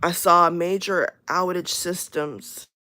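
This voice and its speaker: Low-voiced woman giving an earnest, rambling warning. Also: steady tone, slow pace, pushed and bright. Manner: rambling, repeats herself, many fillers; earnest and emphatic. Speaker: channel host. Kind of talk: casual spoken warning to viewers.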